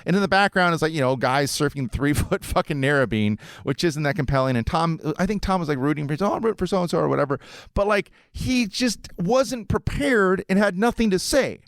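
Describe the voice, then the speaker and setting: A man's voice: fairly high pitch, brisk, clean tone, dry recording, studio quality. A man hosting a podcast, ranting in a casual, rambling, sarcastic way and swearing often. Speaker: podcast host.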